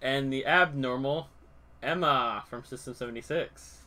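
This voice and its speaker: A man's voice: mid-range voice, measured pace, pushed and bright. A man hosting a podcast in casual chat, teasing and pushing his co-hosts along. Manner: teasing, bossy. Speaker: podcast host.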